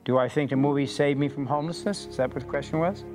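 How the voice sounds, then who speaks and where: Raspy-mannered New street character, raised voice, music bed behind. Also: male voice, a little high, quick pace, low-quality recording. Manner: rough, rambling, profane storyteller. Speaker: interviewee, film extra. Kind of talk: casual storytelling interview. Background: background music.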